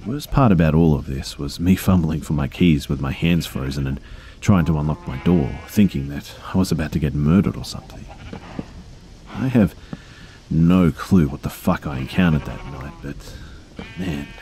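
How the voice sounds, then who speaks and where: Man, thirties, very deep voice, mellow tone, casual creepy-story narration, fillers and swearing. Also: moderate pace, slight background noise. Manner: low-key, conversational storytelling with fillers and profanity. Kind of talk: scripted narration of creepy true stories.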